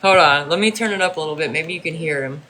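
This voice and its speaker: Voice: medium pitch, fast talker, pushed and bright. A livestreamer chatting loosely with viewers, rambling and swearing often. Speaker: livestream host. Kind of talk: casual chat with viewers.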